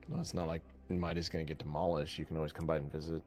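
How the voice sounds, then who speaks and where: A man's voice: very deep voice, flat delivery, very fast, music in the background. A man joking around in character during an online roleplay, teasing and wry.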